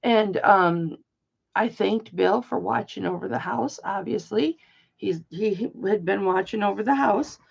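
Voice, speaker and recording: A woman's voice: medium pitch, a little slow, vocal fry, breathy edge. An older woman telling a rambling personal story in a chatty, casual way, full of asides, on dull lo-fi audio. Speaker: live auction host.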